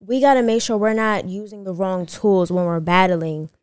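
A woman's voice: mid-range voice, steady tone, normal speed, a little mellow, smooth, dry recording, studio quality. A woman co-hosting a casual podcast chat, emphatic, repeating her phrases for weight. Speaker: podcast co-host.

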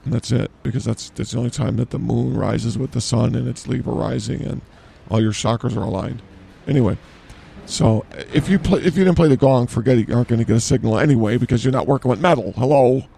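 A man co-hosting an improvised comedy podcast in a grocery store, rambling deadpan and trailing off mid-sentence. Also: medium pitch, quick pace, gravelly, a little hiss or hum. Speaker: podcast co-host.

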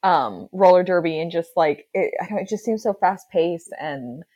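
Woman speaking slowly and hesitantly, lowish voice. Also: animated, warm tone, no room sound. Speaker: podcast host. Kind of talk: casual chat.

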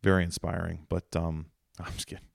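Low gravelly guy hosting a podcast, rambly and jokey, dry close sound. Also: flat delivery, brisk, no echo. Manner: joking, meandering, self-mocking. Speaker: podcast host. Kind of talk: casual rambling monologue.

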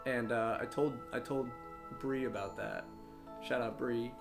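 A man's voice: mid-range voice, fairly even intonation, measured pace, gravelly. A young man casually chatting as a podcast co-host, loose and laid-back, swearing and doing bits. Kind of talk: casual chat. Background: guitar music.

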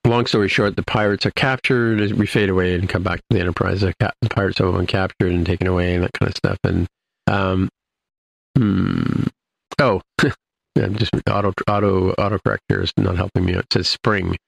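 A man's voice: low-pitched, fairly even intonation, fairly quick, gravelly, no echo. A man casually recapping an episode, rambling with many fillers and restarts. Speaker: podcast host recapping an episode. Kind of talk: casual chat.

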